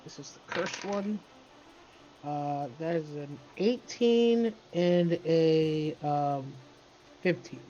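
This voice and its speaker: A man plays a tabletop game and talks in a slow, drawn-out way, swearing freely. His voice sits a bit high and swings widely in pitch. The audio is muffled and lo-fi, with light music behind. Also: lively intonation, mellow, a little hiss or hum. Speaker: player. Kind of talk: casual tabletop play. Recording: dull lo-fi stream audio with faint music.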